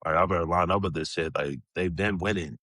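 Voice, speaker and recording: Brief: thirties male guest, deep low register, loose profane storyteller, dead-dry close mic. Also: brisk, sharp tone, dry recording. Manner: laid-back, swears freely, chuckles often. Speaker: podcast guest, retired pro basketball player. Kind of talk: casual storytelling interview.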